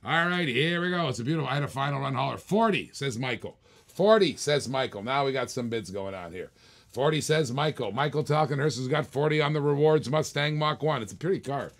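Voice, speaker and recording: A man's voice: medium pitch, brisk, fairly bright tone. A man hosting a live-streamed auction, calling bids in a chatty, joking way and repeating each bid.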